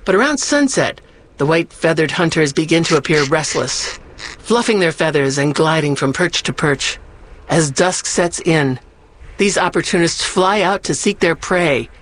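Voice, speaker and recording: A woman hosting a short radio segment, reading scripted narration in a measured way. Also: on the low side. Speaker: host of a bird radio segment.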